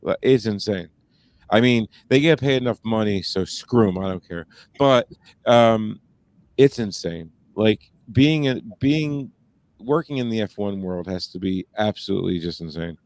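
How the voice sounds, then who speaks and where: A man's voice: fairly low pitch, measured pace, darkish tone, no echo. A man co-hosting a podcast in casual chat, telling stories in a rambling way with many fillers and restarts. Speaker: podcast co-host.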